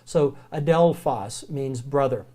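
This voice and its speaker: Folksy Southern man teaching Greek. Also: medium pitch. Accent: Southern American. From American South. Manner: relaxed, folksy, slows down to spell out words. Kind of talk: recorded lecture.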